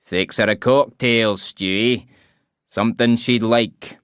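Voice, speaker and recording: A man voicing a leering, sleazy middle-aged man in a pub, with a nasal voice and slow oily come-ons. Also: mid-range voice, steady tone, fairly bright tone, clear, resonant tone, dry recording, studio quality.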